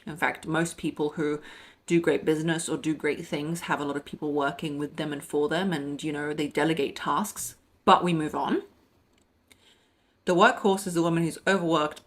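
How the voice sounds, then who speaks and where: A young adult woman, heavily pregnant, giving relationship coaching in a lively monologue and acting out the lines she quotes. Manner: animated, acts out quoted voices with pitch jumps.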